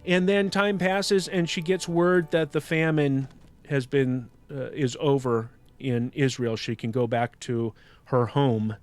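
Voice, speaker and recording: A man hosting a book podcast, talking slowly and thoughtfully. He often restarts his sentences as he reflects. Soft music sits faintly underneath his voice. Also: medium pitch, steady tone. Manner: retells and reflects with frequent restarts. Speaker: podcast host. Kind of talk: casual reflective commentary on a book.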